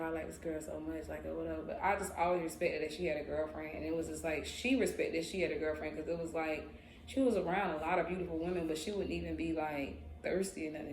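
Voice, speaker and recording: A young adult woman telling a story casually in a vlog, animated and slangy. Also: deep voice, a little hiss or hum. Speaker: vlogger. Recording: roomy echo, faint ambience.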